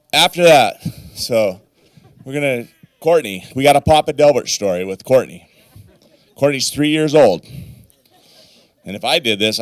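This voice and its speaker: A middle-aged man toasts his daughter at her wedding reception in a smooth, clear voice that sounds dry and close. He tells his stories in a loose, folksy way, swears casually, and his voice wavers as if he is near tears. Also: medium pitch, no room sound. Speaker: father of the bride.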